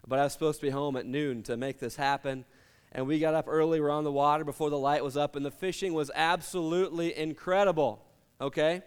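A man's voice: a little high, fairly even intonation, brisk, clear, resonant tone, big-room sound. A middle-aged man preaching a sermon, telling personal stories with humor and acting out the voices of the people in them. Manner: storytelling with humor, acts out quoted voices. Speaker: pastor.

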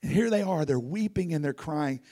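A man preaching an informal sermon as a guest preacher, animated and rambling, often repeating himself. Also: fairly high pitch, normal speed.

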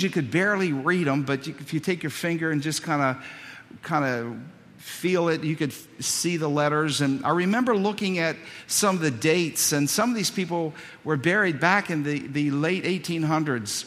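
A male pastor preaching a sermon, telling a story with many repeated words, swinging from loud to hushed. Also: fairly high pitch. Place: church sanctuary. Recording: long reverb of a church hall.

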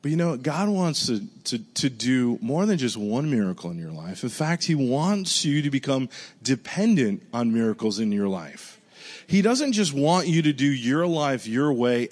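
Earnest male pastor telling a story. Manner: conversational and earnest, dropping to a hushed voice for prayers; bursts of excited high-pitched exclamation. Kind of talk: storytelling sermon.

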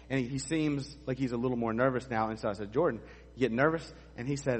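A man's voice: medium pitch, rapid-fire, a little hiss or hum. A middle-aged male pastor preaching a sermon, telling stories in a conversational way with asides to the congregation. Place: church sanctuary. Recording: long hall reverb.

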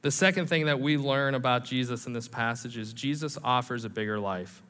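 Bright-voiced preacher man in a reverberant hall. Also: medium pitch, fairly quick, smooth. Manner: animated, conversational preaching with self-deprecating humor. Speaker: pastor. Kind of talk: sermon.

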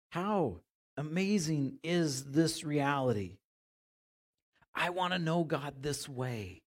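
Animated, conversational male preacher. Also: a little high, slow. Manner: conversational, animated when paraphrasing, with restarts. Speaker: pastor. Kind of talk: sermon.

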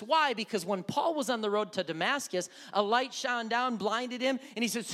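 A man preaching a sermon as pastor, animated, acting out quoted prayers and shouts. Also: sits high, normal speed, few pauses, in a large hall. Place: church.

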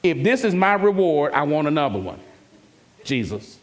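A man's voice: on the high side, sing-song, moderate pace. A man preaching an emphatic, conversational sermon as a pastor and calling out to his congregation.

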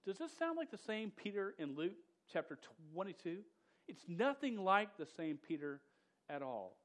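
Male preacher, higher register; casual, emphatic delivery with frequent restarts and slang. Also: very animated, normal speed. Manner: slangy, says "dude" and "man". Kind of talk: sermon.

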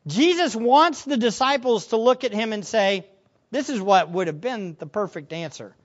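A male pastor preaching with a lively, swooping pitch, his voice jumping up loud when he acts out other people. The sound is dull and lo-fi. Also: moderate pace. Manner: animated, acts out voices of disciples with sudden loud bursts. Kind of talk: sermon.

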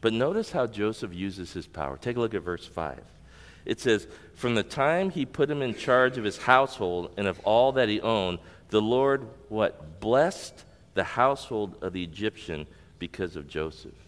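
A man's voice: on the low side, lively intonation, moderate pace. A male pastor preaching a sermon, teaching and asking the congregation rhetorical questions. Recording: long reverb of a large hall.

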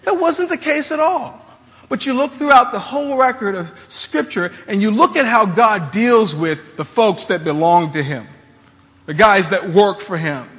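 A man's voice: high-pitched, expressive, normal speed, fairly bright tone, big-room sound. A man preaching a sermon as a pastor, in a casual, conversational way with slangy asides.

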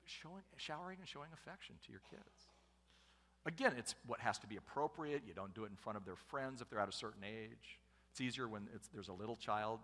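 A middle-aged man preaches to a congregation in a relaxed, joking, conversational way. His voice rises and falls a great deal, and his tone is bright and forceful. A long reverb from a large church hall trails behind each phrase. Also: mid-range voice. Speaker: pastor and family speaker. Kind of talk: sermon.

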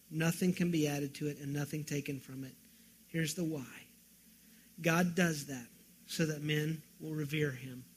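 A man preaching a sermon as pastor, moving from loud pleading questions to quiet, earnest emphasis. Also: on the high side.

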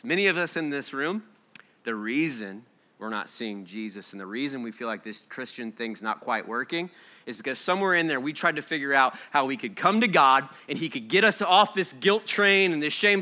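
A man in his thirties preaching a sermon to a congregation, swinging from loud exclamations to hushed asides. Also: mid-range voice, expressive, normal speed. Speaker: pastor. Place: church hall before a congregation.

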